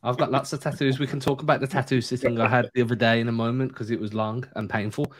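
A man's voice: mid-range voice, steady tone, fast. Man, podcast host, non-American English accent, joking, casual banter. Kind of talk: casual chat.

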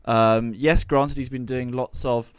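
A man's voice: medium pitch, fairly even intonation, measured pace, clear, resonant tone, dry recording. A man co-hosting a casual podcast, talking conversationally with wry asides and plenty of fillers. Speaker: podcast co-host. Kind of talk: casual motorsport discussion.

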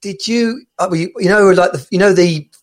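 A man's voice: sits high, moderate pace. A young man co-hosting a podcast, chatting casually, swearing and laughing often, putting on voices to retell stories. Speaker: podcast co-host. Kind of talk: casual chat.

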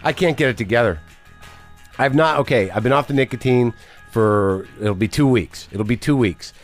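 A man's voice: mid-range voice, moderate pace, soft background music. A middle-aged man hosting a podcast, talking in a manic, rambling, profane confessional monologue. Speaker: podcast host.

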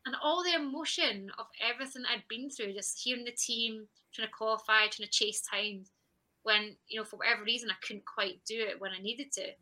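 A woman's voice: on the high side, steady tone, a little fast, bright, forceful tone, low-quality recording. A woman athlete in her thirties recounting her story in a podcast interview, candid and reflective, quoting her own thoughts and laughing. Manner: candid and reflective, with frequent laughs and quoted self-talk. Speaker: athlete guest.

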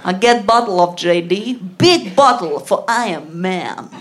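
A woman's voice: medium pitch, expressive, very noisy, natural voice. A woman doing a macho Spanish cab driver. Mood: solemn, boastful. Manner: broken English, slow, solemn. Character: macho Spanish male taxi driver, blunt advice-giver.

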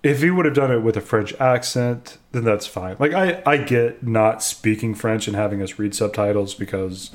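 A man's voice: on the low side, moderate pace, few pauses. A young man co-hosting a casual chat, giving an opinionated game review and explaining at length. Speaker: co-host reviewing a video game.

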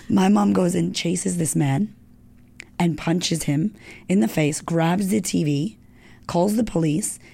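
A woman's voice: on the low side, slow pace, creaky, mellow, husky. A middle-aged woman telling her own life story in an interview, frank and emotional, swearing freely. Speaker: guest. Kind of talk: candid personal storytelling.

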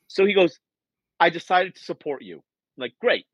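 A man's voice: high-pitched, normal speed, pauses often, husky, no echo, dull audio. A man telling a story in a casual podcast conversation, acting out the quoted lines as he goes. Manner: animated storyteller, acts out quoted dialogue. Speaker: guest, author.

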